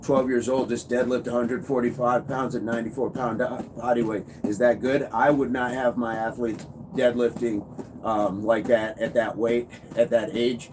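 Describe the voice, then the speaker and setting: A man's voice: mid-range voice, level tone, moderate pace. Upbeat man chatting on a noisy livestream. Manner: upbeat, reads and answers viewer comments. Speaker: fitness coach livestreaming. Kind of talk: casual livestream chat. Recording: noisy background.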